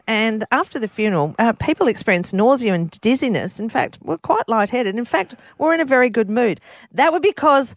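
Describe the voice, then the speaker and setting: A woman's voice: on the high side, animated, brisk, no room sound, clean studio sound. Indignant, laughing radio woman. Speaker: radio co-host. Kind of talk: jokey breakfast radio banter.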